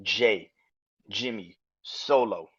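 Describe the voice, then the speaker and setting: A man hosting a podcast, casually reviewing a wrestling match in a profane, animated way. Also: fairly low pitch, drawn-out words, slightly rough. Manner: animated, profane, acts out quotes in raised voices. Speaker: podcast host. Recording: dull lo-fi audio.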